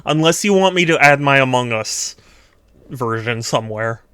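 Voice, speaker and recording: A man with a smooth, clear voice chats loosely on a live stream as he works through drawing requests. He rambles, laughs easily, and drifts off mid-thought, recorded close and dry with no room sound. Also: mid-range voice, lively intonation, normal speed, pushed and bright, dry recording. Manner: rambling, chatty, laughs often, trails off in thought. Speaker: streamer taking art requests. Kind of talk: casual live-stream chat while drawing.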